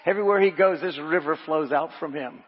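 Pastor preaching in an echoey hall. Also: male voice, on the high side, a little fast, lo-fi sound. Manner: reads scripture and quotes aloud, repeats phrases for emphasis; asks the congregation to repeat lines. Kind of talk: sermon. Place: church.

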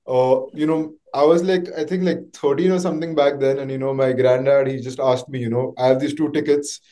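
A man's voice: medium pitch, fairly even intonation, a little fast, dark tone. A man in his twenties from India, a podcast guest chatting in a laid-back way and filling his speech with "like" and "you know". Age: 20s. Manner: laid-back, filler-heavy, says like a lot. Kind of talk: casual chat.

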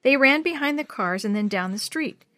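A woman voicing a sad little girl who misses her lost cat, soft and downcast. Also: sits high, lively intonation, moderate pace, no room sound, voice pushed up.

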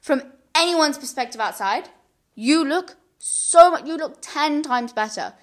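Young female podcast host, slightly high voice, earnest chatty advice, lots of restarts. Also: expressive, measured pace. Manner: earnest, chatty, many restarts and repeated words. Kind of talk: casual advice chat.

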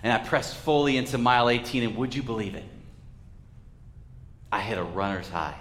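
A male pastor preaching a sermon in a church, with a measured, reflective delivery and dramatic pauses. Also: mid-range voice, animated, fairly bright tone, reverberant.

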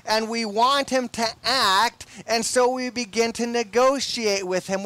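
A young man preaching a sermon in a deliberate, emphatic way, often repeating his words. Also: extremely high pitch, a bit bright. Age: young adult.

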